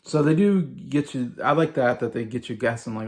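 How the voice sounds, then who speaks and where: A man's voice: medium pitch, animated, fairly quick, darkish tone. Rambling man reviewing a movie. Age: 40s. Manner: rambling, filler-heavy, repeats himself. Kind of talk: casual spoken movie review.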